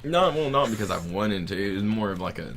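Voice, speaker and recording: A man's voice: fairly low pitch, lively intonation, a little fast, background noise. A young man with a Southern US accent, telling stories in a laid-back way over casual gaming commentary and swearing freely. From Southern United States. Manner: laid-back storytelling, swears freely, retells others' lines. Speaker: let's play commentator.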